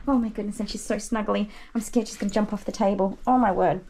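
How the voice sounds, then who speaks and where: A woman's voice: mid-range voice, fast, few pauses, darkish tone, slight background noise. A woman dog groomer chatting on a live stream from her grooming salon, cooing over a tiny dog and sometimes dropping to a whisper.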